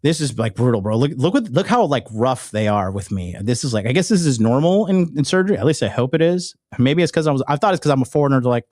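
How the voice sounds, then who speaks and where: A man's voice: medium pitch, lively intonation, fast, hardly any pauses, darkish tone, no room sound, studio quality. Rambling, profane male YouTuber. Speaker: online dating coach and YouTuber. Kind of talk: casual direct-to-camera chat.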